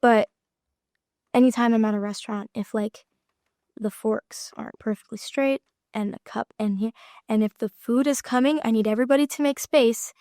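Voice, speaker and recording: An actress chatting as an interview guest, giggling often and trailing off with lots of fillers. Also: female voice, on the high side, steady tone, moderate pace, mellow, no room sound, clean studio sound. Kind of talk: casual interview chat.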